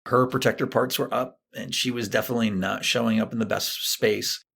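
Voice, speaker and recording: A middle-aged man, a therapist appearing as a podcast guest, tells a personal story with animation, acting out the lines people said. His voice sits on the low side and moves briskly, with a creaky, husky texture.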